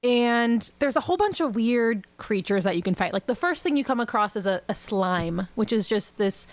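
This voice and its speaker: A woman's voice: on the high side, animated, normal speed, dry recording. Giggly rambling woman podcaster. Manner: rambling, giggly, lots of likes and ums. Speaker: podcast co-host. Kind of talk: casual chat.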